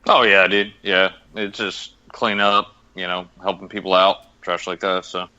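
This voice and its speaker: A laid-back man with a lowish but bright, edgy voice joins a rowdy podcast chat. He cracks crude jokes over a dull lo-fi call-in line. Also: little pitch movement, measured pace. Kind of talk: casual profane podcast banter.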